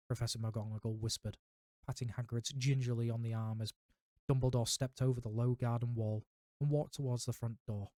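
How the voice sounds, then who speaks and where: A man reads a storybook aloud on a livestream and breaks off now and then for relaxed, chatty asides. His voice sits at a middle pitch. The recording is dry and close, with no room sound. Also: a little fast, dry recording. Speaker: livestream reader. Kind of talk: reading a book aloud on a livestream.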